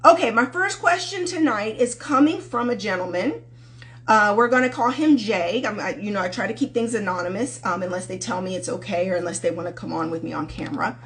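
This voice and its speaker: A woman's voice: mid-range voice, fairly quick, a bit bright, slight background noise. A woman love coach hosting a live-stream Q&A, chatting casually and affectionately with viewers and calling them sweetheart.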